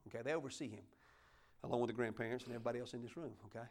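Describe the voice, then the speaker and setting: A man's voice: mid-range voice, very fast, a little mellow. A man preaching a folksy sermon, joking with his congregation and asking them to help him along. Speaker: pastor.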